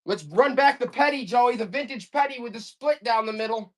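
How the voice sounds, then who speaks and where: A woman selling items on a live stream auction in fast, joking, hyped-up sales patter, coughing now and then. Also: on the high side. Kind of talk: casual live selling banter.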